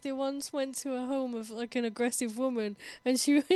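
Casting: woman co-host, slightly high voice, playful and teasing, dry close mic. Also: steady tone, no room sound. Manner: teasing, quick to laugh, promotes upcoming shows. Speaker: radio show co-host. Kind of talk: casual chat.

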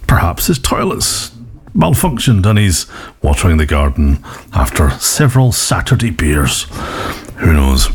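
A man's voice: deep voice, big pitch swings, a little slow, husky. A man hosting a rock radio show, rambling through jokey banter between songs.

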